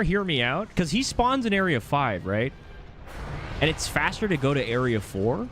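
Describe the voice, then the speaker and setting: A man's voice: on the high side, very animated, normal speed, noisy background. A man streaming a video game live, chatting playfully and joking with his viewers. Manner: playful, joking, reacts to chat. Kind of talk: casual live gameplay commentary.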